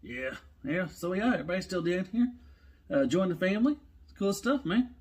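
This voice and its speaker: A high, squeaky toy robot chatters away in loose, rambling banter, full of mock scolding and easy greetings, as a man puts him on for a playful skit. The voice sits far above a grown man's normal talk and stays soft and offhand. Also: big pitch swings, a little fast, breathy edge, full character voice.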